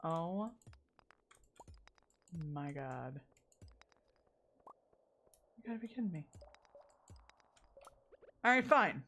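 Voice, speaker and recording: A woman's voice: lowish voice, big pitch swings, very slow, long pauses, bright, forceful tone. A woman streamer chatting casually while playing a game, often exasperated, rambling and swearing at it. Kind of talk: casual gameplay chat.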